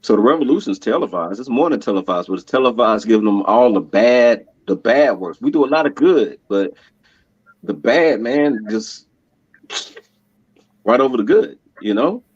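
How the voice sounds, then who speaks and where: Male guest, mid-pitched, animated storyteller; muffled, dry recording. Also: normal speed, breathy edge, no echo. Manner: animated, laughing storyteller who acts out quotes. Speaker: podcast guest. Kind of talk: casual conversation. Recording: dull, dry lo-fi sound.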